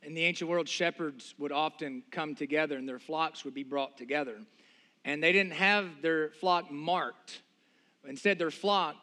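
Bright high-voiced male preacher. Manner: asks repeated rhetorical questions, earnest and emphatic. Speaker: pastor. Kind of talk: sermon.

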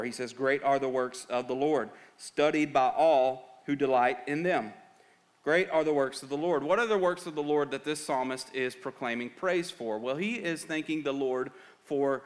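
A pastor with a medium-pitched voice preaches a sermon earnestly, swelling to loud, urgent emphasis and sinking into quiet reflection. He often repeats words while building a point.

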